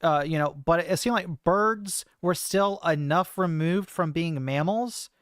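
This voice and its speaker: A woman's voice: fairly low pitch, a little slow, no echo. A trans woman streamer talking in a casual, hesitant monologue, full of fillers and restarts, into a close desk mic. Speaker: streamer host.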